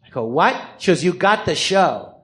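Comedian man, fairly high voice, storytelling live on stage, animated and profane. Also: moderate pace. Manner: animated, acts out other people's voices in quotes; swears freely, self-deprecating. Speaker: comedian telling his life story. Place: theater stage before a live audience.

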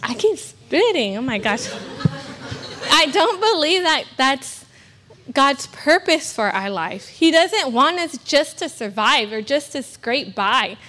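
Young california woman preaching at church, high bright voice, earnest, jokes at herself. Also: big pitch swings, a little hiss or hum. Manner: earnest, slow and emphatic, with self-deprecating asides. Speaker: guest preacher. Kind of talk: sermon. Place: church service.

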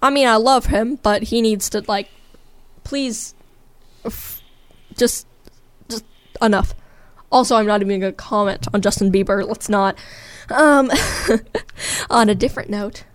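A woman's voice: mid-range voice, a little slow, long pauses, clear, resonant tone, no echo. A young woman, a teenage podcast co-host, chatting in a giggly, rambling and self-mocking way. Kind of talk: casual podcast chat.

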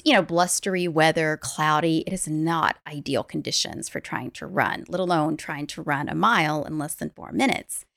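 A woman's voice: on the low side, vocal fry, no echo, clean studio sound. A woman life coach telling stories with energy in a podcast conversation, laughing easily. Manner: animated storyteller, laughs easily.

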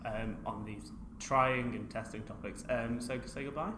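A man's voice: mid-range voice, steady tone, a little slow. A man hosting a casual word-guessing chat, playful and laughing often. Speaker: host. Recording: echoey room with background noise.

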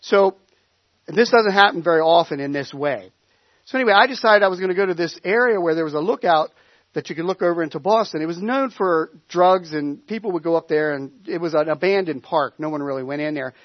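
High-voiced pastor, rambling story. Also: male voice, brisk, no echo, muffled recording. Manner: conversational storytelling with frequent restarts. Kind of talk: sermon.

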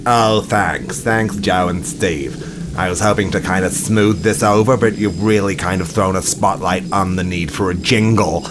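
A man playing a crude male robot co-host, talking deadpan and making dirty jokes. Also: lowish voice, background noise.

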